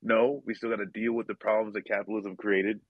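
A man hosting a podcast, talking casually with many pauses, restarts and light laughs. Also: on the low side, little pitch movement, no room sound. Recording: slightly dull, dry audio.

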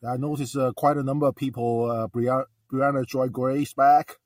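A man calling in to a talk show, speaking earnestly and haltingly, with many pauses and fillers. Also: mid-range voice, level tone, darkish tone, no echo, recorded from a distance. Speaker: caller. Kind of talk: casual call-in talk.

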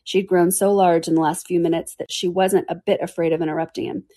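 A woman narrating a classic storybook in a steady, measured way for a podcast. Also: lowish voice. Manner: steady, measured reading aloud. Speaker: reader.

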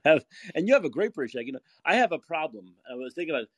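Man, New York accent, husky, dry close mic, chatty host. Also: a little high, big pitch swings, racing, fairly bright tone, dry recording. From United States. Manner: chatty, rambling, repeats himself. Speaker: podcast host. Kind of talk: casual podcast chat.

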